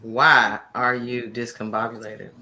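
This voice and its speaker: A man's voice: mid-range voice, level tone, a little slow, pushed and bright. A man co-hosting a podcast, teasing and sympathizing in casual chat. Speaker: podcast co-host.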